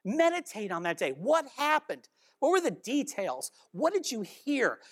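A woman's voice: fairly high pitch, sing-song, measured pace. A woman giving an earnest devotional Bible teaching, exhorting and questioning her listeners.

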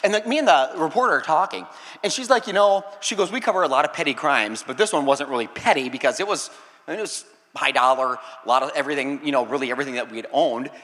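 High bright-voiced guy preaching a sermon, gets loud and laughy, big church reverb. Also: quick pace. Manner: animated preaching, rising to shouts and laughing asides. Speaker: pastor.

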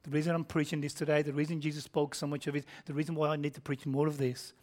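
This is a man preaching with a fairly high voice that barely moves in pitch, and he talks quickly. He's blunt and confrontational, firing questions at his audience while swinging from whispers to shouts.

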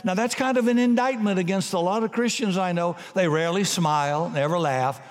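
Male preacher, folksy and punchy, fairly high voice, long reverb of a large hall. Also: a little fast. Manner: folksy, punchy, breaks into shouts and jokes. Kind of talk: sermon.

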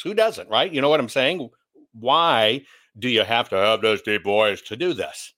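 A man's voice: medium pitch, animated, normal speed, a bit bright. A man hosting an opinionated commentary show, blunt and sarcastic as he rants. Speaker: commentary host.

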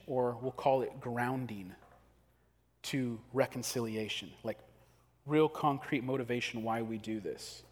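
A man preaching a sermon as pastor, talking casually and acting out quick everyday scenes. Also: mid-range voice. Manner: conversational, acts out quick scenes. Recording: long hall reverb.

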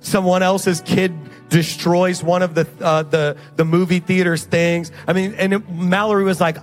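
A male pastor from Indiana preaching a sermon and telling stories in an animated way, acting out the voices of the people in them. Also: sits high, normal speed, faint music behind.

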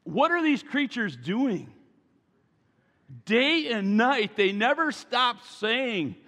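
A man's voice: very high-pitched, very animated, slow, pushed and bright. A male pastor preaching a sermon with emphasis and calling the congregation to repeat after him. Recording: long reverb from a large hall.

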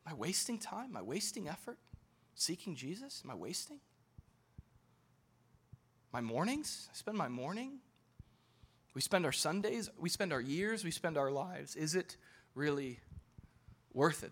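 A man preaching an impassioned sermon as pastor, swinging between loud urging and low intimate tones and often repeating his words. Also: very animated, unhurried, long pauses.

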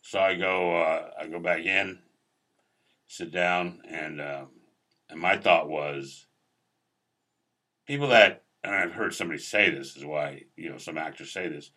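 A man with a very low voice that still carries a bright, forceful edge tells a loose, rambling story. He swears freely and keeps things laid-back as he chats with friends. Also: measured pace, long pauses. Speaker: actor. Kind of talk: casual storytelling chat.

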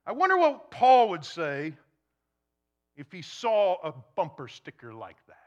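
A man preaching a sermon to his congregation in a conversational, animated way, dropping to soft, intense emphasis. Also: sits high, unhurried, muffled recording. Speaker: pastor. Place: church before a congregation.

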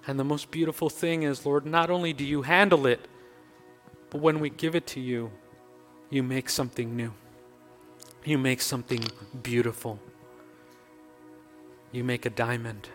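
A man's voice: mid-range voice, steady tone, normal speed, pauses often. A man preaching a sermon as pastor and leading a closing prayer, building his points through emphatic repetition. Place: church sanctuary. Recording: long reverb, faint music.

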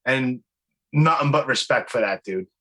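A man's voice: medium pitch, lively intonation, moderate pace, sharp tone, low-quality recording. A man hosting a podcast in casual interview chat, effusive and enthusiastic, swearing freely. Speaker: podcast host.

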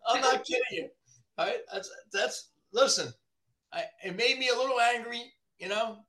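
A man, a body shop owner from the New Jersey area, ranting in casual podcast chat, profane and animated. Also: very high-pitched, normal speed.

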